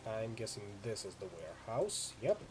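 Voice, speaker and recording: A man's voice: lowish voice, very animated, normal speed, background noise. A man reading a video game's story text aloud and adding casual player asides. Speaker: let's play narrator.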